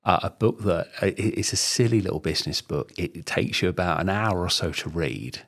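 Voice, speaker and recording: A man's voice: low-pitched, brisk, fairly bright tone. A middle-aged man, a sales trainer talking through books and techniques in a chatty, rambling way, full of "you know". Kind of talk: casual conversational interview.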